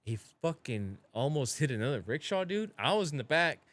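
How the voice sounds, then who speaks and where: A man from Brazil, a podcast guest, telling a long story in a casual, profane, animated way and acting out the people in it. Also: fairly high pitch, a little fast, no echo. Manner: profane, animated, acts out quoted voices.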